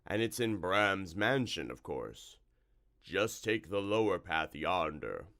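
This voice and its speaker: Man putting on a slimy cowardly swamp monster, slow wobbly drawl, shrill when spooked, low-pitched underneath, storybook reading. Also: big pitch swings, vocal fry, fairly bright tone, full character voice.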